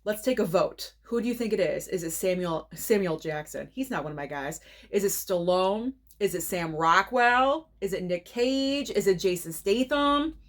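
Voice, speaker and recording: A woman hosting a movie channel, chatting casually through an unboxing vlog, gushing and excitable, with gasps of delight. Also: medium pitch, moderate pace, few pauses.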